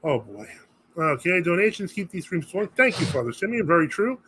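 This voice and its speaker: A man's voice: a little high, sing-song, a little fast, bright, forceful tone, a little hiss or hum, rough recording. A man hosting a live Q&A stream, chatting casually and reacting to viewer comments as he reads them aloud. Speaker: host of a live religious Q&A stream.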